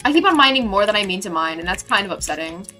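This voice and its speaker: A woman's voice: medium pitch, expressive, fast, sharp tone, soft background music. A young woman live streamer chatting casually while building in a game, bubbly and playful, gushing thanks to her viewers.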